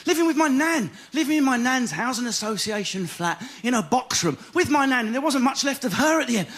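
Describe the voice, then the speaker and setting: A man with an Essex accent doing a fast, animated stand-up comedy set on stage, often bursting into shouts. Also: very high-pitched. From Essex, England. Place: comedy stage before an audience.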